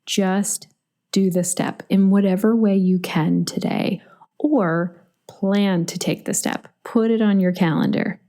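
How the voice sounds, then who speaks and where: A woman's voice: mid-range voice, fairly even intonation, slow pace, dark tone. A middle-aged woman hosting a solo podcast, chatty and storytelling, laughing easily. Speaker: podcast host.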